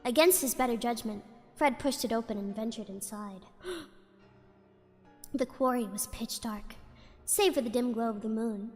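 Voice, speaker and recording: High-voiced woman giggling through spooky reading. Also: normal speed, pauses often, darkish tone, long reverb tail, faint music behind. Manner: giggles often while reading, breaks off to chat. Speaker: streamer reading stories. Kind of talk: casual spooky story reading.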